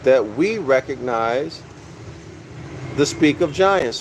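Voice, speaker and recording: Male lecturer, slightly raised pitch, very slow and deliberate delivery, faint hiss behind. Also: animated, poor audio. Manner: repeats key phrases, asks the audience questions; says "y'all" to listeners. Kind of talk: slow teaching lecture reading from a book.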